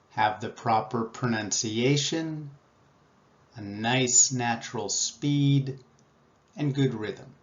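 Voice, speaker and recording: A male English teacher speaks slowly and deliberately, stressing key words as he models a reading passage. His voice sits at a mid pitch. The sound is roomy and echoey, and a little dull. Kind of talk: explaining a speaking test and reading model texts aloud.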